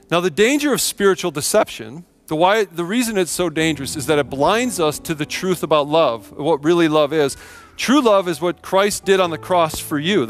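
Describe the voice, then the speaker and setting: A middle-aged man preaching a sermon to his church, earnest and emphatic, repeating phrases for effect. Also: sits high. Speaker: pastor. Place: church sanctuary.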